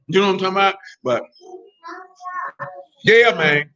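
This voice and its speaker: A man preaching a sermon in street slang, talking animatedly and breaking into shouts. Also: sits high, steady tone, normal speed, noisy background. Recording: dull lo-fi recording.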